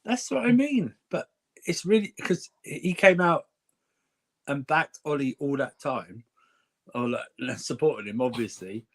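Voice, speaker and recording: A man's voice: a little high, animated, unhurried. A man co-hosting a casual football chat, jokey and teasing, laughing a lot. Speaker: co-host.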